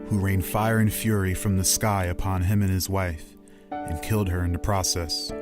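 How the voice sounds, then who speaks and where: Man game master, low steady storyteller, music behind. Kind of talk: narrating a tabletop game. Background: background music.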